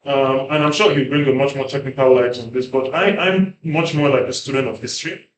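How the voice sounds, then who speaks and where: A man's voice: medium pitch, a little fast, a little hiss or hum. Man musing, roomy sound. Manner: thoughtful, hedging, many fillers and restarts. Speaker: panel guest. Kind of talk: conversational panel discussion. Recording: roomy with faint background ambience.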